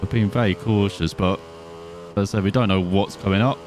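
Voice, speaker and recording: With background noise present, a man with a fairly low, fairly even voice speaks fairly quickly. He's a gaming video host giving casual commentary on a racing game, chatty, self-deprecating, and easily distracted.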